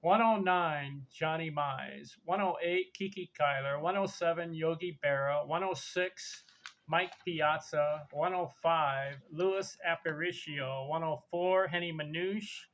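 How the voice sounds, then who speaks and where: A man's voice: on the high side, measured pace, a bit bright. A man hosting a sports talk show, reading down a ranking list and stressing his points as he teases the reveal. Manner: emphatic, teasing the big reveal. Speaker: podcast host. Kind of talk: countdown ranking monologue.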